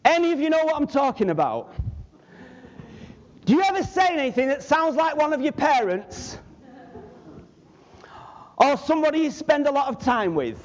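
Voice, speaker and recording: A man with a Manchester accent preaching a sermon with personal stories, talking in an animated, humorous way and addressing the audience directly. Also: very high-pitched, normal speed, pauses often, in a large hall, muffled recording. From Manchester, England.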